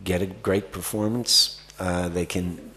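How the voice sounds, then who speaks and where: A man's voice: deep voice, fairly even intonation, slow, sharp tone. A man answering audience questions about acting at a festival Q&A, rambling with many fillers and restarts. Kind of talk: festival Q&A conversation.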